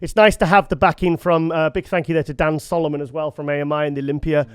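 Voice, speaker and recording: A man hosting a casual interview, chatty and quick to laugh. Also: a little high, level tone, smooth, dry recording, clean studio sound. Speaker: host. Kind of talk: casual chat.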